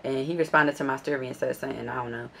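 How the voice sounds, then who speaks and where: A woman's voice: very fast, gravelly, slight background noise. A young woman telling a casual storytime vlog, blunt and profane as she reads out old messages. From Philadelphia. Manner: blunt and profane, gets animated and higher when annoyed. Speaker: vlogger.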